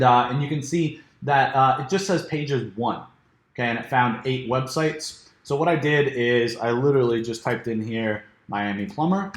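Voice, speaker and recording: A man giving a casual screen-share software walkthrough, full of fillers and restarts, saying he is losing his voice. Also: medium pitch. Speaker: software reviewer. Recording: echoey room.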